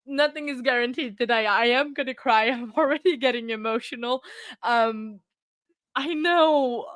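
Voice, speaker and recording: A woman hosting a casual livestream, talking in a fairly high voice as she effusively thanks her viewers. She rambles, restarts and gushes as she reads the chat. Her voice is close and dry, with no room sound around it. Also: fairly bright tone, dry recording. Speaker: true crime livestream host.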